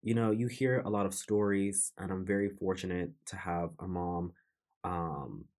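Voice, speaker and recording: Deep-voiced man telling a personal story. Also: fairly even intonation, normal speed, a little mellow. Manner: earnest, reflective, with frequent restarts and repeated phrases. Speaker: podcast host.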